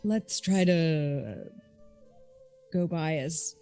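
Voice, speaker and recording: A woman playing a tabletop game, unhurried and measured. She speaks slowly. Her voice sits somewhat low. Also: mellow, faint music behind. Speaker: player. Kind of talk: casual tabletop play.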